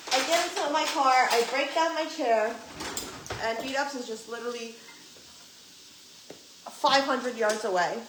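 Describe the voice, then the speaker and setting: A woman's voice: sits high, moderate pace. A young adult woman vlogger telling a story in casual chat, ranting and swearing freely as she retells what people said. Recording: echoey room, faint background noise.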